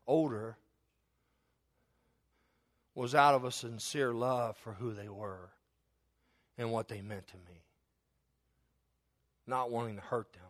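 A man's voice: mid-range voice, fairly bright tone. A middle-aged male pastor, preaching a sermon with stories that build to an emphatic, rising delivery.

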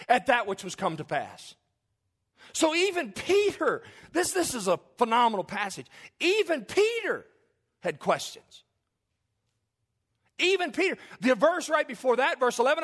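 A male preacher delivers a sermon in a high voice that leaps up and down constantly. He keeps it conversational and joking, acting out the figures he tells about. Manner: animated and conversational, with humorous asides; acts out the figures in the story.

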